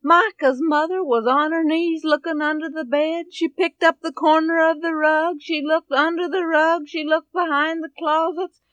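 A woman telling a Bible story in an expressive way, swinging between loud and hushed. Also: very high-pitched, normal speed, few pauses, no echo, muffled recording.

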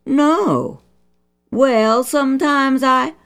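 A woman voicing an eager young schoolboy who talks quickly and pleadingly in a high voice. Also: fairly bright tone, clear, resonant tone, exaggerated voice. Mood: sheepish.

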